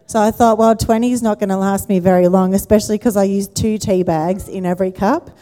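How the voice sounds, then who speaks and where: A woman pastor gives a conversational sermon in a church auditorium, asking the congregation questions. Her medium-pitched voice is mellow and steady, fairly quick, and the hall has a long reverb.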